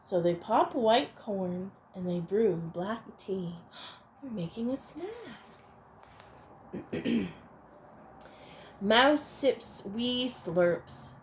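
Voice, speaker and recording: A woman reading a picture book aloud to children, expressive and playful, adding little asides for young listeners. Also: medium pitch, very slow, pauses often, a little hiss or hum, low-quality recording. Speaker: storyteller.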